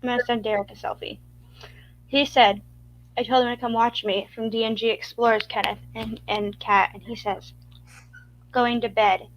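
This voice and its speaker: A woman's voice: a little high, little pitch movement, normal speed, muffled recording. A woman hosting a livestream in casual chat, greeting viewers and jumping from topic to topic. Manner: chatty, greets viewers, jumps between topics. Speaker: livestream host.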